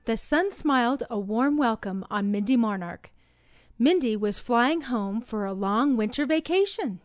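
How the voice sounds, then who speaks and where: A woman narrating a children's read-along storybook in an expressive, sing-song storytelling manner. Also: a little high, measured pace, no echo.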